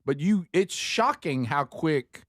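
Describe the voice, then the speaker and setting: A man hosting a talk show, telling stories in lively casual banter and laughing often. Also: a little high, slow, no room sound, studio quality. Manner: animated storyteller, laughs often.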